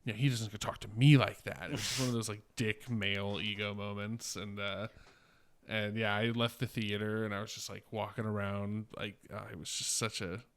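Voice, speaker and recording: A man's voice: lowish voice, little pitch movement, moderate pace, fairly bright tone, clear, resonant tone. A man in his twenties co-hosting a podcast, telling rambling, profane stories full of fillers. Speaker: podcast co-host. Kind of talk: casual podcast chat.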